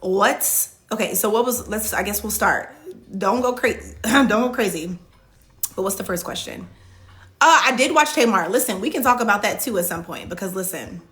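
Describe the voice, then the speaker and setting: A woman's voice: mid-range voice, expressive, moderate pace, fairly bright tone, soft background music. A woman hosting a casual livestream Q&A, chatting loosely with lots of "like" fillers and answering viewer comments as they come in. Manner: frequent "like" fillers and restarts. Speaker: reality show contestant hosting a live Q&A.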